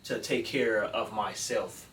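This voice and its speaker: Low-voiced man, roomy distant sound. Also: fairly bright tone. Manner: halting, with many fillers and repeats. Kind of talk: casual chat. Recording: roomy, distant mic with faint noise.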